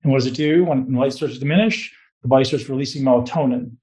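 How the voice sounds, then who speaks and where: Male coach, mid-pitched, live group talk, profane and pushy. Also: very fast, mellow. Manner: blunt, profane, motivational, asks the room questions. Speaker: host giving a talk on fat loss.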